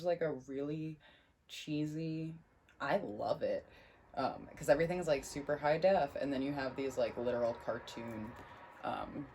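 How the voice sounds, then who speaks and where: A woman giving a casual tarot reading, chatty and excitable as she thinks aloud over the cards. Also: rumbling low, creaky, husky. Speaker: tarot reader.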